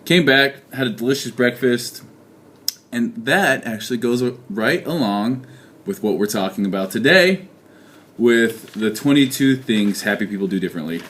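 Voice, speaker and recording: A man's voice: medium pitch, expressive, moderate pace, a bit bright, a little hiss or hum. A young man talking casually in a video diary, joking and poking fun at himself as he rambles. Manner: joking, rambling, self-mocking. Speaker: fitness vlogger. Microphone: handheld camera.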